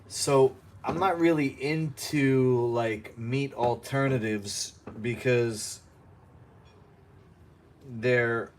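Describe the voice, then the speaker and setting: A man reads news stories aloud at home and keeps breaking off into sarcastic asides. His voice sits at an ordinary middle pitch, and the talk is loose and casual, recorded in an apartment kitchen while he cooks. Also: very slow, slight background noise. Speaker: host of a home news show.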